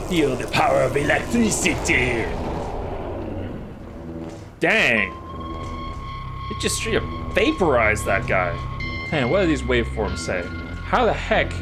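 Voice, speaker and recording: A man casually commenting on his video game playthrough, joking and talking back to the characters on screen. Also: mid-range voice. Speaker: gaming channel host. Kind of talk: let's-play commentary.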